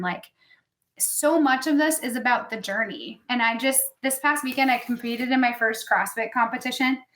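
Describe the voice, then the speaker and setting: A woman in her thirties, guesting on a podcast, shares candid personal stories in casual chat, saying "like" a lot. Her voice is fairly high with a sharp tone, and the room is echoey.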